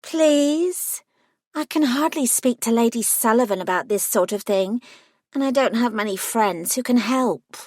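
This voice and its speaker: A woman's voice: expressive, unhurried, darkish tone, no room sound, studio quality. A woman voicing a bubbly, lilting young woman. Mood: cheerful. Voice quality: high, lilting, sing-song.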